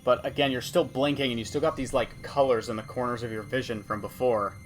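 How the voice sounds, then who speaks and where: A man running a tabletop game as game master, describing scenes slowly with pauses. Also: mid-range voice, steady tone, soft background music.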